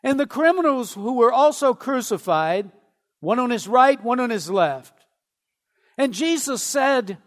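A man preaching a sermon in a very high, light voice. He speaks slowly and earnestly and lingers on his words. A long reverb trails each phrase. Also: expressive. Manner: slow, earnest preaching with dramatic pauses. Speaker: pastor.

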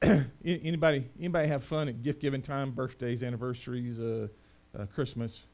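A middle-aged man preaching a sermon as pastor, rising to loud proclamation and dropping to quiet conversational asides. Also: mid-range voice, fairly even intonation, brisk.

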